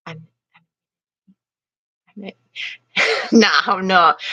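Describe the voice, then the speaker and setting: The Australian host, a middle-aged woman, chats and laughs through her livestream, reading comments and welcoming viewers by name. She speaks unhurriedly at medium pitch, with a pushed, bright tone.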